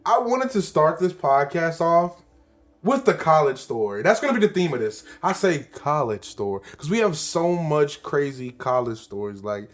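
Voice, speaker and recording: A man's voice: a little high, big pitch swings, normal speed, faint music behind. A young man co-hosting a podcast in casual, crude, joking chat, laughing often. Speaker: podcast co-host.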